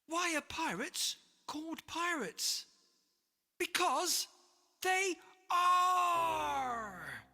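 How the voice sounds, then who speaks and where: A squawking pirate parrot from a picture book, shrill and bossy as the reader puts on the bird. It cries out high and bright, a little distant from the mic. A long reverb and faint music hang behind it. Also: sing-song, very slow, creaky, heavily acted. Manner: loud cries. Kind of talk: storybook read-aloud.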